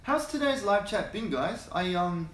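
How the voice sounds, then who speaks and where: A man's voice: high voice, big pitch swings, unhurried, fairly bright tone, echoey room, a little hiss or hum. An Australian man hosting a casual livestream, rambling and chuckling as he greets viewers by name, talking into a phone held in his hand. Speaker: hobby channel host.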